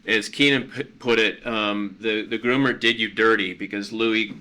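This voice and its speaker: A man's voice: on the low side, fairly even intonation, moderate pace, bright, forceful tone. A middle-aged man hosting a podcast in casual chat, rambling and hesitant with frequent ums. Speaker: podcast host.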